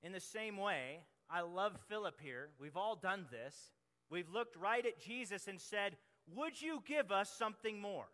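A young man preaching a sermon, passionate, swinging between loud emphasis and hushed asides. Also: high voice, animated, unhurried. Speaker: pastor. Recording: long hall reverb.

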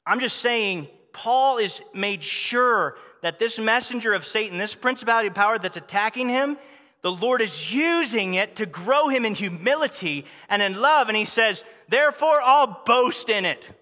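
A man's voice: high voice, lively intonation, normal speed, pushed and bright, big-room sound. A man preaching a sermon with fervent, repetitive emphasis. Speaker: pastor.

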